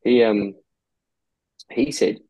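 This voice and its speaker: A man's voice: medium pitch, takes it slowly, dark tone, no room sound, muffled recording. A man in casual podcast chat, telling long rambling anecdotes with casual swearing. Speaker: brewery co-founder guest.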